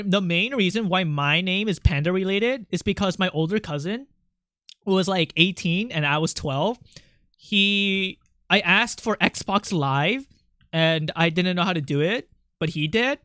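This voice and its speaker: Bright, high-voiced young man chatting. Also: no room sound, clean studio sound. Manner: rambling, animated, quick to laugh, chatting with viewers. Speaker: streamer. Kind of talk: casual livestream chat while drawing.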